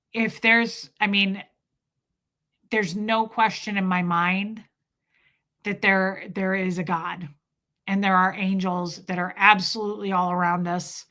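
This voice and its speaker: A woman's voice: mid-range voice, bright, forceful tone. Woman telling a heartfelt family story. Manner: emotional, halting, with restarts. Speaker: vlogger. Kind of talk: personal storytelling.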